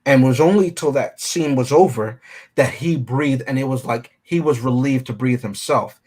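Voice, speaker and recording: Guy w a husky voice hosting a movie review show, casual and analytical, keeps saying right?. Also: mid-range voice, moderate pace, darkish tone. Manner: analytical, conversational, often checks in with "right?". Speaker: film review show host. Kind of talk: casual film review discussion.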